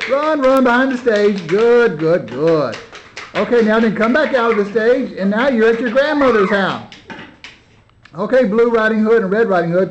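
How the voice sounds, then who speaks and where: A man with a notably high voice directs a children's play at home, coaxing the young actors along and heaping on encouragement as he narrates. He is filming as he talks. The camera audio is slightly dull and lo-fi, with a faint hiss underneath. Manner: coaxing, encouraging, repeating praise. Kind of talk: coaching children through a rehearsal while filming. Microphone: handheld camera mic.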